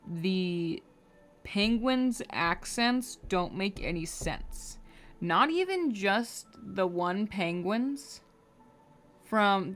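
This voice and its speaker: Slow-talking woman chatting on a livestream. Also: mid-range voice. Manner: rambling, talks to chat while drawing, hums between remarks. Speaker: streamer drawing live. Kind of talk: casual livestream chat.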